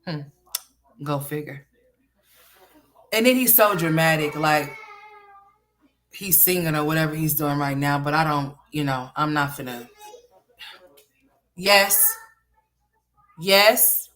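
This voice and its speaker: A woman hosting a laid-back livestream, her voice pitched fairly low yet bright and forceful. She chats loosely with her viewers and breaks off to talk to her child. The delivery is informal and conversational. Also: a little slow, pauses often. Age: adult parent. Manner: chatty, talks to viewers and her son by turns. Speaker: livestream host. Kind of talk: casual livestream chat.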